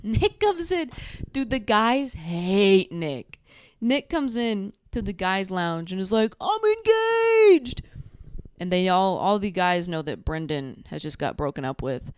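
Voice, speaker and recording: A young woman recapping a reality show in a sarcastic, animated way, acting out what people said. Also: on the low side, measured pace, smooth. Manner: sarcastic, animated, acts out quotes. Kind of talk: casual recap commentary.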